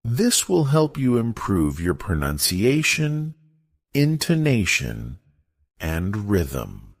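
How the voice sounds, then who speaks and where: A man narrates a scripted English lesson in a slow, deliberate way. His pitch swoops up and down dramatically from phrase to phrase. The recording is dry and close, with no room sound. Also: huge pitch swings, gravelly, no echo. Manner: slow, deliberate delivery with strongly rising and falling pitch. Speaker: English teacher.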